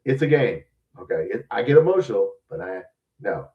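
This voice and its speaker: A man's voice: fairly low pitch, big pitch swings, normal speed, far from the mic, muffled recording. A man hosting a show, giving blunt, profane, rambling opinions in casual talk. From lives in Louisiana. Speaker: podcast host. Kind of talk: casual sports opinion rant.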